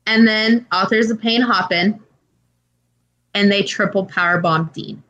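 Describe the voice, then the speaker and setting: A woman co-hosting a casual podcast, telling an animated story peppered with swearing and filler words. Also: medium pitch, measured pace, highs cut off. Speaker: podcast co-host. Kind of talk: casual chat.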